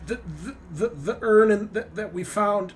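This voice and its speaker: A man's voice: high voice, normal speed, faint music behind, voice pushed up, close to an everyday voice. A man voicing a dying male android that stutters and breaks off as it glitches. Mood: fading. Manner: stuttering, broken repetitions.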